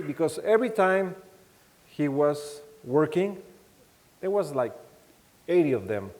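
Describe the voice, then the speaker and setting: A man with a Mexican accent giving a keynote talk, telling anecdotes in a halting way with many restarts and acting out the voices he quotes. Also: on the high side. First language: Spanish. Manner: animated storytelling, acts out quoted voices. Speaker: keynote speaker. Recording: long hall reverb.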